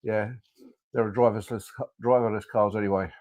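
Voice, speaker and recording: A man's voice: lowish voice, steady tone, fairly quick, darkish tone, dull audio. A man co-hosting a comedy podcast in casual chat, joking and laughing often. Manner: jokey, laughs often, playful. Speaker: podcast co-host.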